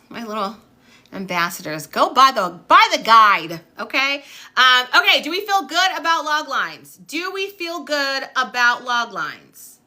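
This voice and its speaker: A chatty, upbeat woman leads a casual livestream class on TV production, reading viewers' comments aloud as she goes. Her voice is very bright, and her pitch sits in a middle range. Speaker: TV production instructor. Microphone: phone or webcam on livestream.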